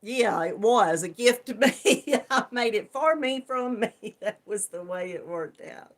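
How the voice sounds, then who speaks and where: A woman's voice: mid-range voice, animated, unhurried. A woman hosting a crafting channel, chatting casually on a live stream, laughing often and greeting viewers by name.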